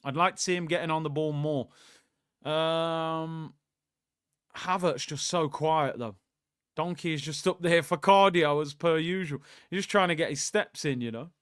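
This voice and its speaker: A man's voice: on the high side, unhurried, fairly bright tone, smooth, dry recording, studio quality. Casual man hosting a football watchalong. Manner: casual, opinionated, conversational, addresses viewers directly. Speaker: host of a live football watchalong. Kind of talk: live watchalong commentary, reading out chat.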